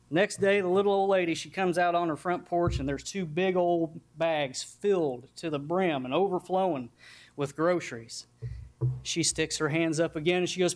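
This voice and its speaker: A man's voice: high-pitched, moderate pace. Folksy preacher man. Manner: folksy, self-deprecating, earnest. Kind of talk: sermon. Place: church sanctuary.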